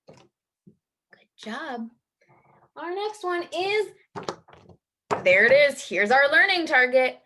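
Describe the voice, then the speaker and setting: Young woman teacher, slow sing-song phonics drills, kinda high voice. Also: big pitch swings, sharp tone. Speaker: kindergarten teacher. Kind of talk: online phonics lesson for young children. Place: home, teaching over video call.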